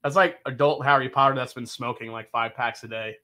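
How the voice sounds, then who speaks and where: A man's voice: mid-range voice, steady tone, a little fast, pushed and bright. A man hosting a live whiskey-tasting stream, joking, swearing and reading out viewer comments. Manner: jokey and profane, reading chat comments aloud. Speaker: show host.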